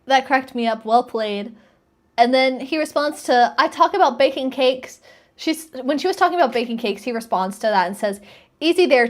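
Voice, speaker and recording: A woman streamer casually reading out text messages and chatting her thoughts about them. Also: high-pitched. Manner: reads messages aloud and comments, chatty and wondering. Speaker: streamer reacting to posts. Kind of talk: casual reaction commentary.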